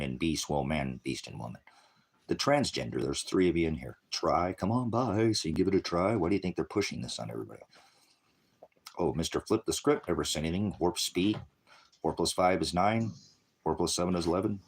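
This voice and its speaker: A man's voice: deep voice, breathy edge. A man speaking in a rambling, meandering monologue, jumping from topic to topic while at home. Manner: meandering, jumps between topics. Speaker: religious livestreamer. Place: at home with a puppy.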